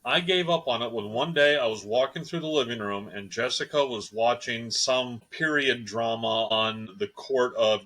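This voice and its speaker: A man's voice: mid-range voice, normal speed, few pauses, sharp tone, low-quality recording. A man co-hosting a casual podcast, telling anecdotes and acting out the back-and-forth. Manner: storytelling, acts out quoted exchanges. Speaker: podcast co-host. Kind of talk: casual chat.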